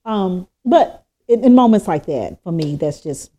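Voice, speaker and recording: A woman co-hosting a podcast, talking in a casual, animated way and acting out quoted speech. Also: on the low side, a little slow. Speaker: podcast co-host. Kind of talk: casual chat. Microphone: podcast microphone.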